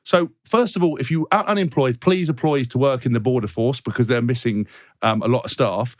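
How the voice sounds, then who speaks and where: Male co-host, mid-pitched, sweary and ranting, lively storyteller. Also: quick pace, no echo, clean studio sound. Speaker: podcast co-host. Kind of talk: casual podcast chat.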